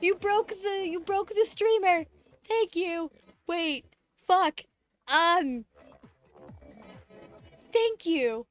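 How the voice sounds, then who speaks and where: A young woman streamer chatting casually, excitable and profane, laughing often. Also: very high voice, drawn-out words, long pauses, faint music behind. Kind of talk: casual live-stream chat.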